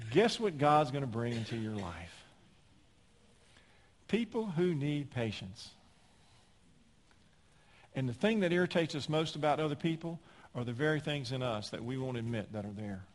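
A man preaching a sermon in a church, emphatic, with folksy humor and loud peaks on key words. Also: mid-range voice, big pitch swings, moderate pace, pauses often. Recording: long hall reverb.

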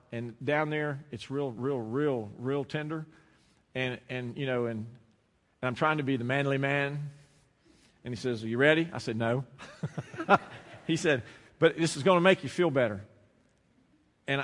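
A male pastor preaching a sermon who swings between loud, emphatic declarations and quiet, intimate storytelling. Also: medium pitch. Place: church sanctuary. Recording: long reverb of a large hall.

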